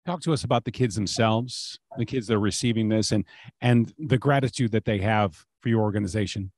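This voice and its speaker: A man hosts a radio interview and asks measured, conversational questions. His voice sits a little low. The studio sound is dry and close. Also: a little mellow, no echo. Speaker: radio host.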